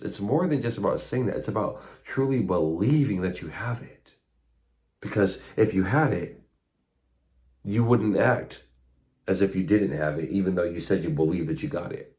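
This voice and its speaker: A man's voice: deep voice, lively intonation, a little slow, pauses often, darkish tone. A man giving an earnest, conversational faith talk, retelling stories with casual asides. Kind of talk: spoken faith monologue.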